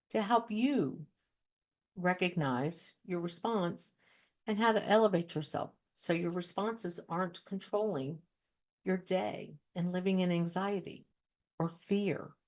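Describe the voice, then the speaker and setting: A woman hosting a radio talk show as a trauma and life coach, talking earnestly and asking many rhetorical questions. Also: mid-range voice. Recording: dull lo-fi audio.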